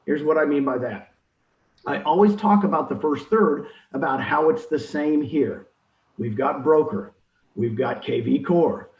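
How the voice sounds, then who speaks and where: An older man in real estate recruiting who talks in an energetic, emphatic coaching style and acts out quoted dialogue. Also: mid-range voice. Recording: roomy, distant, dull audio.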